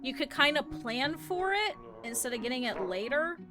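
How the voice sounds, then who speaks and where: A woman's voice: sits high, sing-song, moderate pace, over music. A woman streaming a game, chatting casually and rambling through giggly stories on tangents. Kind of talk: casual live gameplay chat.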